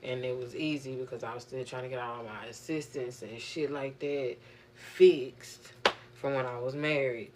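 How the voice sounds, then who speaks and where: A young woman vlogging, venting in a profane, animated, exasperated way. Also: very deep voice, background noise. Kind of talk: casual venting monologue.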